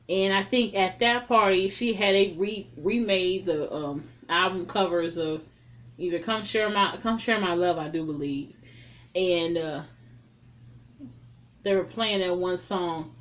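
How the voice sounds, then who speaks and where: A woman's voice: mid-range voice, unhurried, fairly bright tone. A woman reviewing a film in a casual, rambling recap, swearing freely and drifting off on tangents. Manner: rambling, profane, loose and chatty.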